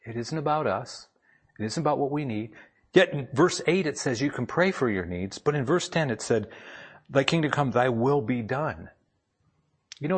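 A man's voice: medium pitch, husky. A man giving a devotional talk to a gathering from up front, telling a personal story in a conversational, plainspoken way and reading scripture aloud.

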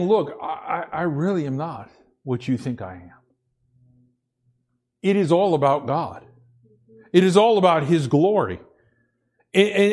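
A man's voice: sits high, darkish tone. A man preaching a sermon in a conversational way, stumbling over repeated words as he builds his points. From Pacific Northwest. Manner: conversational, repeats words when starting sentences, laughs between points. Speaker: pastor.

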